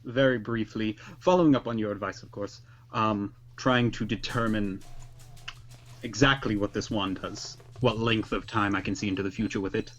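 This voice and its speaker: A man's voice: fairly low pitch, steady tone, brisk, fairly bright tone. A man playing his character in a tabletop game over a call, polite and earnest with careful phrasing. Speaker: player.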